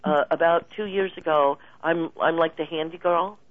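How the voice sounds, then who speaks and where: A woman guest telling stories in a casual interview, lively and laughing often. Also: low-pitched, moderate pace, no echo. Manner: animated storyteller, laughs often. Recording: tinny phone line, dry.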